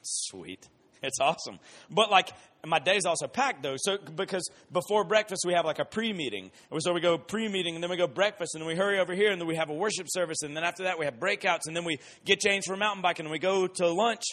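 A man's voice: sits high, animated, fast, a bit bright. A man giving a humorous, rambling youth sermon. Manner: rambling, joking storytelling. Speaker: youth speaker.

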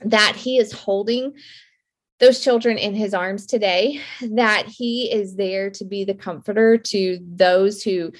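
A woman's voice: mid-range voice, fairly even intonation, takes it slowly. A woman in her thirties hosting a devotional podcast, speaking earnestly with a slightly shaky, emotional voice. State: voice a little shaky, near tears. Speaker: podcast host.

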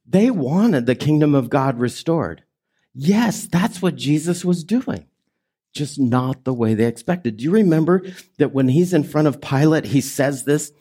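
A man preaching a sermon as pastor, conversational and emphatic, swinging between raised and hushed delivery and drawing the congregation in with questions. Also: medium pitch, sing-song, a little slow, husky. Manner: conversational preaching with audience prompts.

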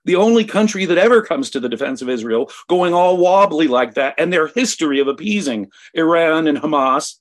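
An American man giving emotional, emphatic political commentary as a guest, his pitch swinging sharply as he talks. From United States.

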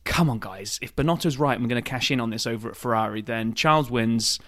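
A man co-hosting a casual sports podcast, talking in an animated, excitable, emphatic way. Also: medium pitch, fast talker. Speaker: podcast co-host.

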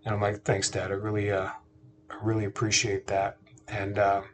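A man's voice: on the low side, monotone, moderate pace, slight background noise. Chatty man telling a family story. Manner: chatty, repeats and restarts, asks listeners rhetorical questions. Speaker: podcast host. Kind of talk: casual storytelling monologue.

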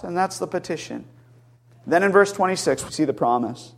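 High-voiced emphatic male pastor preaching. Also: expressive, brisk. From Maine, USA. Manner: emphatic, lifts his voice high on quoted cries; drops low and quiet at phrase ends. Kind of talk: sermon.

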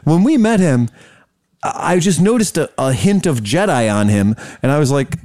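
Animated, profane man telling shop stories. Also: fairly high pitch, moderate pace. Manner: animated storyteller, profane, laughs a lot. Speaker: podcast host. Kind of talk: casual chat.

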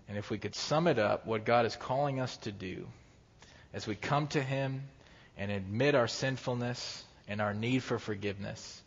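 A man's voice: on the low side, gravelly. A man preaching a sermon, telling a story and acting out the voices of the people in it. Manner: animated storyteller who acts out quoted voices. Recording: dull sound with long hall reverb.

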